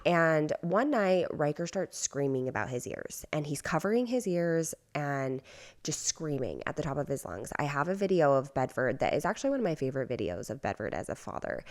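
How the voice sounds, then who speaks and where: A woman in her thirties with a notably low voice chats on a podcast. She tells a family story candidly, rambling along with plenty of fillers. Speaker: podcast co-host. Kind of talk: casual storytelling chat.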